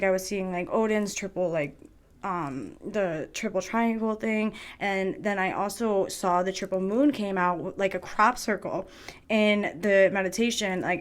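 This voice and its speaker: A woman hosting a podcast over a video call. She chats casually and tells stories in an excitable way, with the odd swear word. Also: medium pitch. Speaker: podcast host. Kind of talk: casual interview chat.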